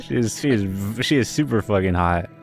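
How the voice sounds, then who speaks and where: A man with a lowish voice chats loosely with a friend while a game plays. He jokes and breaks into giggles often. Faint music sits underneath him. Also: lively intonation. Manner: joking, giggly, quick to laugh. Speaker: streamer. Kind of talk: casual chat between friends.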